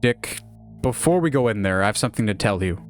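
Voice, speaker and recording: Man voicing a terse, growly caped hero, low and serious. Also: expressive, a little fast, faint music behind, lightly acted. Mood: solemn. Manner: gruff, terse. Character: gruff brooding male vigilante.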